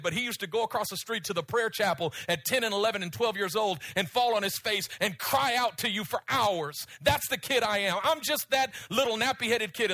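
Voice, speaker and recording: A middle-aged man delivers a sermon in a high, bright voice. His preaching swings from loud pleas to quiet, low passages. The sound is close and dry. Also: no room sound.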